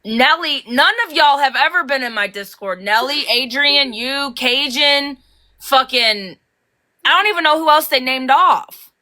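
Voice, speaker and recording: A woman hosting a livestream, ranting heatedly and fast, swearing and rising to shouts. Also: high-pitched, expressive. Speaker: livestream host.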